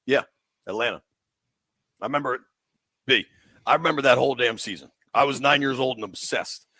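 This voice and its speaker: A man in his forties hosting sports talk radio, excited and rambling in casual banter. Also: mid-range voice, a little fast, no room sound. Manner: excited, rambling, laughs easily.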